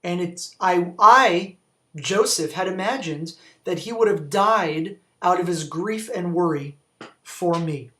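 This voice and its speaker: A man's voice: high voice, slow pace, a bit bright. A man, a rabbi, giving a Torah study talk, reading Hebrew quotes and explaining them in English with questions to his listeners. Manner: reads Hebrew quotations aloud.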